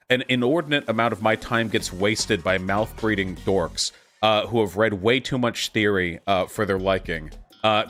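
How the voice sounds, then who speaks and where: A man hosting a live game stream, talking in a fairly low voice. He is quick, sarcastic and profane, and riffs casually with his chat as faint music plays behind him. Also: a bit bright. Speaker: livestream host.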